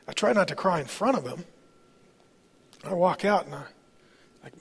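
Husky man preaching in a reverberant hall. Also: sits high, brisk, pauses often. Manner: candid, conversational, emotional personal storytelling. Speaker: pastor. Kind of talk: storytelling sermon. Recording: long reverb of a large hall.

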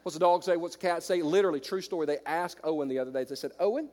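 A man preaches with fiery conviction, his fairly high voice dropping to hushed asides before climbing to ringing declarations. Long reverb carries his words through a large church hall. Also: racing. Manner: impassioned, swings from hushed to loud. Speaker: pastor. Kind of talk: sermon.

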